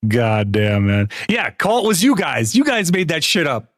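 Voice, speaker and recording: A man's voice: fairly high pitch, a little slow, dry recording, studio quality. A man on a live stream telling gaming stories in casual chat, swearing often and laughing between lines. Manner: animated storytelling, swearing, frequent laughter.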